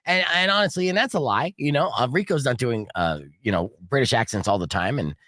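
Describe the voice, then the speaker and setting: A middle-aged radio host chatting in a studio, his voice leaping up and down as he tells a story. The sound is close and dry, with no room echo. He rambles through fillers and restarts. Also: brisk. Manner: rambling, filler-heavy storytelling with lively swings in pitch. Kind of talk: casual radio chat.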